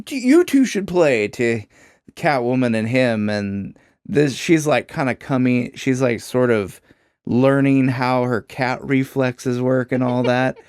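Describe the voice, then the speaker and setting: Rambling man with a smooth voice. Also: mid-range voice, darkish tone, no room sound, clean studio sound. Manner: rambling with many fillers, laughing. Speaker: podcast co-host. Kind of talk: casual chat.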